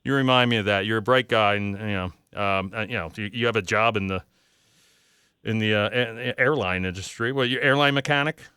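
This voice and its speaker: A male talk radio host with a bright, forceful voice that sounds crisp and smooth. He chats casually and reads listener messages with running asides. The studio mic sounds close and dry. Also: fairly low pitch, fairly quick, no echo. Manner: chatty, reads listener texts aloud with asides. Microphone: studio microphone.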